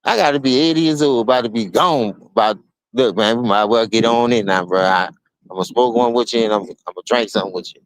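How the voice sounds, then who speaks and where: A man with a New Orleans accent streaming an unscripted, profane rant to his listeners. He keeps calling them dog and bro, and he swings between low mutters and sudden high outbursts. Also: fairly quick, dry recording. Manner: repeats words, addresses listener as dog and bro. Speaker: streamer giving a spoken open letter.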